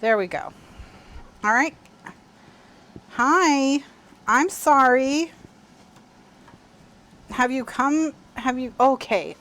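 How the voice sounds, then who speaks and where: Slow-talking woman hosting a crafting stream. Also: high voice, animated, a bit bright. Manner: chatty, apologetic, laughs often. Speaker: craft livestream host. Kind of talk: casual crafting livestream chat.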